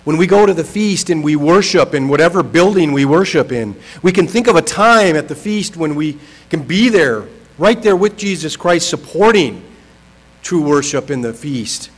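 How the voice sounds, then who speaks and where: A man preaching a sermon, reading scripture aloud and slowing to stress key words. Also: on the high side, lively intonation, low-quality recording. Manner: swings between soft and emphatic, slows for stress. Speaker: pastor.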